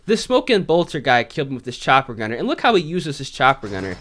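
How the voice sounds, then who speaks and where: A man's voice: medium pitch, wildly swooping pitch, quick pace, fairly bright tone, slight background noise. A man giving casual, self-critical commentary over his own gameplay, often saying "man" and "you know.". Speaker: gaming video creator.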